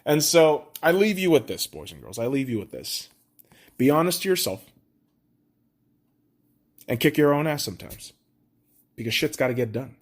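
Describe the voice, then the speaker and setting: A man's voice: medium pitch, very animated, normal speed, long pauses. A man hosting his own podcast alone, talking in a profane, rambling, self-deprecating way. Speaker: podcast host. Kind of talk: casual solo podcast monologue.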